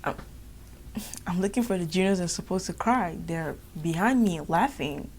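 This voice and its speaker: A young woman with a Nigerian accent tells a storytime vlog, lively and exasperated. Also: on the low side, normal speed, slight background noise. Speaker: vlogger.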